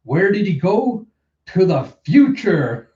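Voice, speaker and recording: A gloating, scheming villain lord from a comic, read aloud by a man, savoring each reveal in a slightly raised voice. The sound is mellow but dull and lo-fi, recorded in an echoey room. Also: high-pitched, very animated, takes it slowly, far from the mic, pitched above the performer's own voice, heavily acted. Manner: gloating, storytelling.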